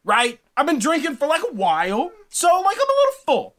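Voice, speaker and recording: A man's voice: extremely high pitch, huge pitch swings, fairly quick, fairly bright tone, pitched above the performer's own voice, exaggerated voice. A man voicing a cocky, hot-tempered thunder god who talks in casual bro slang.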